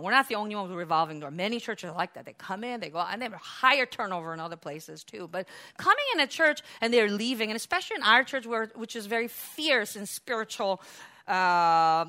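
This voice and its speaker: Bright-voiced woman pastor preaching. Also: medium pitch. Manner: animated, rising to loud emphatic peaks; acts out churchgoers' complaints in quoted voices. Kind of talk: sermon.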